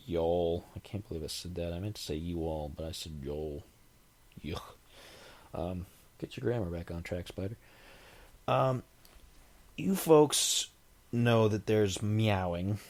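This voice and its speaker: A man with a somewhat low voice hosts a podcast on his own. He talks in a casual, meandering way, pokes fun at himself, and breaks in with homemade animal noises. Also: darkish tone. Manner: chatty, self-deprecating, imitates cat sounds. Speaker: podcast host. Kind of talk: casual rambling monologue.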